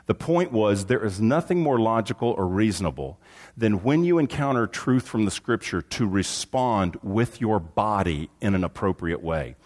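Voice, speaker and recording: A male pastor delivers a sermon. His pitch swings widely as he acts out shouts and quoted voices. His delivery is animated and expressive. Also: normal speed. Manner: animated preaching, acting out shouts and quoted objections.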